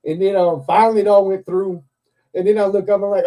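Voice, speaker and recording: A man hosts a casual live chat and tells a story in an animated, laughing way, swearing as he goes. His voice is deep-toned and mellow, with no brightness to it. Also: fast talker. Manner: laughs often, swears freely, animated retelling. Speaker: live stream host.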